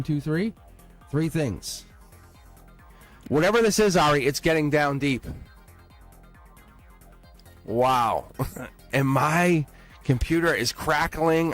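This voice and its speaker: A man giving a live-stream tarot reading, excitable and blunt, swearing and laughing as he talks to viewers. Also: medium pitch. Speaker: tarot reader.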